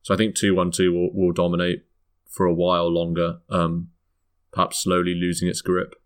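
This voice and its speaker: A man's voice: low voice, completely flat delivery, normal speed, smooth. A British man hosting a casual podcast chat, rambling and correcting himself as he goes. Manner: rambling, self-correcting, laughs often. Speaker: podcast host.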